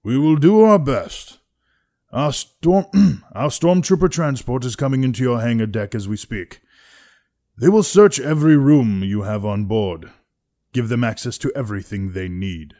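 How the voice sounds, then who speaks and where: A man's voice: mid-range voice, animated, a little slow, mellow, voice pushed up, close to an everyday voice. A man voicing an older Imperial commander in a voice audition, with a Sean Connery impression. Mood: stern. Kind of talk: voice audition reading.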